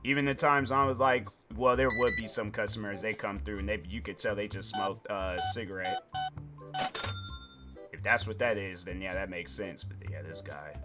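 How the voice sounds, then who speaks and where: A man's voice: lowish voice, normal speed. A male streamer rambling through casual, joking commentary while he plays a game. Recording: game music playing behind.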